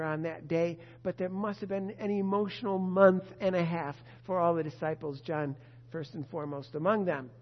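A pastor preaching a sermon to his congregation, emphatic and expressive. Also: high-pitched. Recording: dull lo-fi sound with long reverb.

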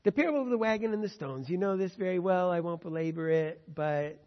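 A man's voice: high-pitched, fast talker. A man preaching a sermon who tells stories and acts out the quotes, recorded with dull, echoing sound in a church hall. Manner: storytelling, animated, acts out quotes.

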